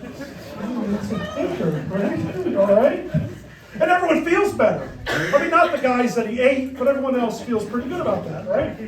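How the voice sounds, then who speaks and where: A middle-aged man doing a punchy, deadpan stand-up comedy set in a comedy club. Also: extremely high pitch, moderate pace. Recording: roomy club sound, mic far off, crowd. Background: audience laughter.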